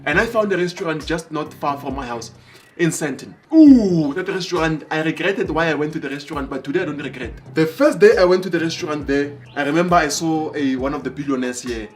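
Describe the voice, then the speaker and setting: A man from Africa, telling a motivational story in an animated way, acting out dialogue and repeating phrases for emphasis. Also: fairly high pitch, a little fast, faint music behind. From South Africa. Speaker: motivational speaker.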